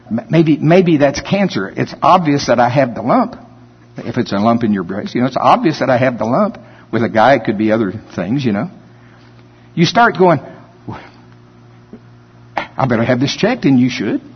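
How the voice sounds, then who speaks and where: A man preaching a sermon in a folksy way, reading scripture slowly and building to emphatic points. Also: on the high side, breathy edge. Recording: dull lo-fi recording with long reverb.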